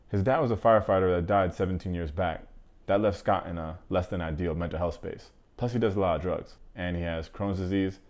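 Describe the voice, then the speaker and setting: Fast-talking deep-voiced man reviewing movies. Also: darkish tone. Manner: casual, slangy, joking asides.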